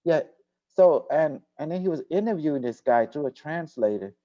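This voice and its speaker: A man with a mellow, dark voice hosts a casual chat and recounts a long story with emphasis, circling back over his points. The recording is dull and lo-fi, and his voice sounds dry and close. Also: fairly high pitch, expressive, normal speed, dry recording. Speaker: host.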